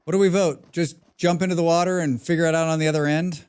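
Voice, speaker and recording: A man's voice: on the high side, fairly even intonation, quick pace, a little mellow, clear, resonant tone, dry recording. A man live-streaming a survival game, chatting casually with his viewers and repeating his own phrases. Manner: chatty, talks to himself and chat, repeats phrases.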